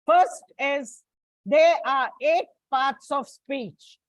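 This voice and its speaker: A woman's voice: high-pitched, very slow, no room sound, muffled recording. A woman teacher, giving a classroom lecture and explaining step by step. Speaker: English teacher.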